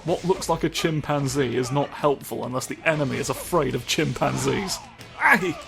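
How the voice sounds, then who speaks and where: A man with a gravelly, creaky voice riffs through his playthrough in a loose, joking way, cursing freely as he goes. Loud game music plays behind him. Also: medium pitch, moderate pace. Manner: rambling, jokey, swears often. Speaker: let's play host. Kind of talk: casual gameplay commentary.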